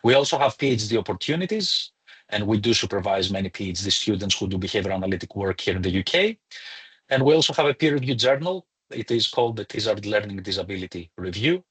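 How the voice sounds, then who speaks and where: A man's voice: on the low side, animated, fast talker, fairly bright tone, slightly rough. A man, a lecturer, hosting a live online webinar in a chatty, welcoming way with some fillers, speaking into a computer mic.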